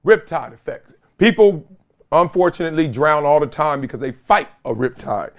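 A middle-aged man hosting a sports talk show, giving casual, animated commentary and acting out other voices in quoted bits. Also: fairly high pitch, moderate pace. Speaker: show host.

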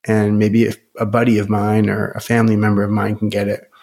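Gravelly-voiced enthusiastic man. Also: on the low side, completely flat delivery, fairly quick, a little mellow. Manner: enthusiastic, rambling with many fillers. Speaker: podcast guest. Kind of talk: casual podcast conversation.

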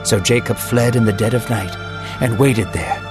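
A man narrating a scripted Bible story in a measured, dramatic way. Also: on the low side. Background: faint music.

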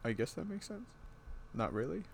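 A person chatting casually as co-host, low-key and unsure in short replies. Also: sing-song, moderate pace, gravelly, slightly rough, dry recording. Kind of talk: casual chat.

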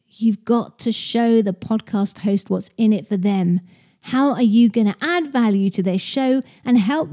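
A woman's voice: on the high side, mellow. A woman who hosts a podcast, giving business advice in a chatty, direct way and explaining with stories and analogies. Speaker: podcast host.

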